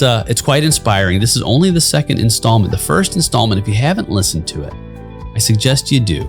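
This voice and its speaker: Gravelly man hosting a podcast intro. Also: mid-range voice. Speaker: podcast host. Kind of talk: scripted show intro.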